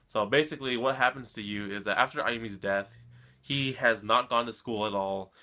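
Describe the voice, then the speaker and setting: Bright-voiced man ranting about an anime episode. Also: mid-range voice, normal speed. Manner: emotional, rambling, keeps addressing viewers with "guys" and "come on". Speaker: anime reaction channel host. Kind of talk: casual episode reaction and recap.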